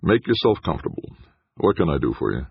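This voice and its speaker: A man's voice: extremely low pitch, big pitch swings, quick pace, creaky, breathy edge, dry recording, highs cut off, full character voice. A man voicing a slick, breezy male PR director who talks in a glib, joking way.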